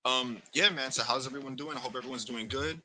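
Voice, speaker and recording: A man's voice: mid-range voice, quick pace, sharp tone, slight background noise, rough recording. A man hosting a casual gaming podcast, blunt and opinionated. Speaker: podcast host. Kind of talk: casual chat.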